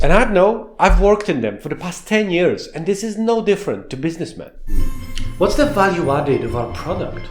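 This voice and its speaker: A man in his thirties delivers a sarcastic commentary monologue full of mocking rhetorical questions. His voice sits high and swings widely in pitch. He sounds like he is in an echoey room, with music playing softly behind him. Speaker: commentary YouTuber.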